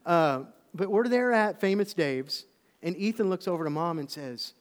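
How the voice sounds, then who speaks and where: A man preaching a sermon, telling stories with lively swings between loud calls and hushed asides. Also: high voice, normal speed. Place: church auditorium. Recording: long reverb of a large hall.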